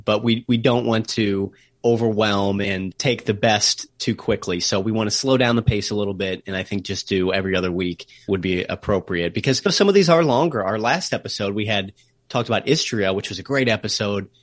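A lower-pitched man co-hosts a travel podcast from a remote call, talking through history and places in an explanatory way. He slows down to lean on key words. The sound is dry and close. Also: no room sound. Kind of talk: casual podcast chat.

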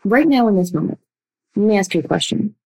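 A young woman coaching listeners on relationship patterns in a blunt, emphatic way, with sudden shifts between quick bursts and slow, drawn-out words. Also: medium pitch, expressive, gravelly, darkish tone, breathy edge, poor audio. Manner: blunt, emphatic, speeds up and slows down a lot. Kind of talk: direct-to-listener coaching talk.

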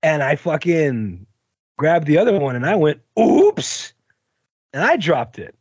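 Podcast co-host, husky man with a lively sing-song delivery, chatty and profane. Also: a little high, moderate pace, no echo, muffled recording. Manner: rambling, swears, laughs at own story. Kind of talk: casual storytelling chat.

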